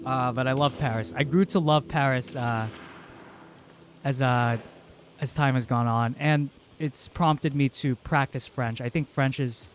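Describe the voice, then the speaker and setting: While streaming a horror game, a man from the Southern United States chats casually, rambling through stories and breaking into quick laughs. His mid-pitched voice stays fairly even, and there's a little hiss or hum in the recording.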